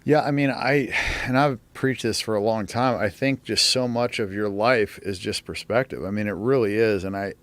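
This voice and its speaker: A man's voice: on the low side, normal speed, no echo. A man telling stories in a casual interview, rambling with lots of fillers and swearing. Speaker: interview guest. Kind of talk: casual storytelling.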